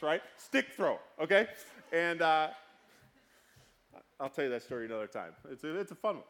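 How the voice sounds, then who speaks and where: A male pastor in his thirties preaching a conversational sermon, swinging between sudden loud outbursts and quiet, hushed passages. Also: on the high side, lively intonation, normal speed.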